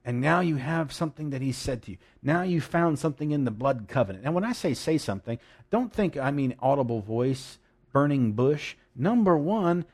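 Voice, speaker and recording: A man's voice: medium pitch, lively intonation, moderate pace, darkish tone, slightly rough. A man preaching a sermon, reading scripture and explaining it emphatically, with jokes and asides.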